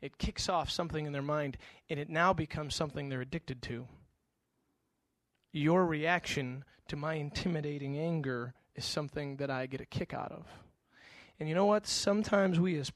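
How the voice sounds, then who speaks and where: Animated, high-voiced pastor preaching. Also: male voice, normal speed, no echo. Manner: animated storytelling, with frequent stammered restarts. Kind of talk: conversational sermon.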